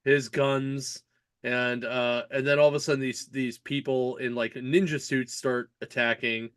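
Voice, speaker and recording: A man hosting a comics podcast in casual chat, retelling a story excitedly with lots of fillers and laughter. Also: medium pitch, a little slow, clean tone, dry recording.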